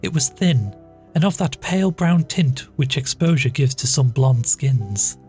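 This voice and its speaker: A man reading a classic short story aloud as a podcast narrator, measured and even. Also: medium pitch. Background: faint music.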